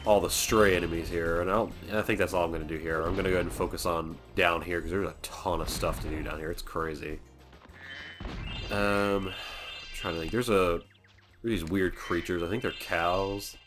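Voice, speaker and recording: Deep-voiced rambling let's play guy. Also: fairly even intonation, moderate pace, music in the background. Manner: rambling, self-deprecating, chatty. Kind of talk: casual game commentary.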